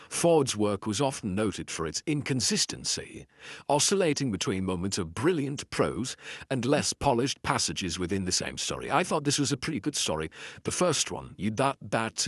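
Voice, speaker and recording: Low, animated male audiobook narrator. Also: no echo, studio quality. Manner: animated, chatty asides with restarts. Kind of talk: reading pulp fiction, then casual commentary.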